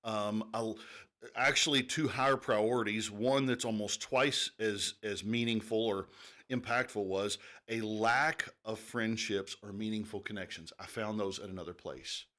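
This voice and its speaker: A man co-hosting a radio talk show, explaining things in a relaxed way with many fillers. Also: fairly low pitch, a little slow. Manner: relaxed, thinking aloud with fillers. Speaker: radio co-host. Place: radio studio.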